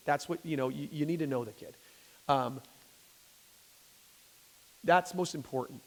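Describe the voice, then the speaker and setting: Speaking at medium pitch with a darkish tone, a physician gives a public talk to a lay audience in a church hall, captured with long hall reverb. His delivery is conversational, with frequent restarted sentences and check-ins of "okay?".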